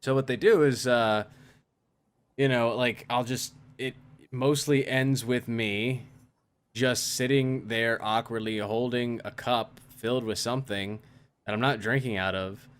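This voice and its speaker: A young man co-hosting a casual podcast chat, rambling and halting, full of fillers and restarts. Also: medium pitch, fairly even intonation, smooth. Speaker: podcast co-host.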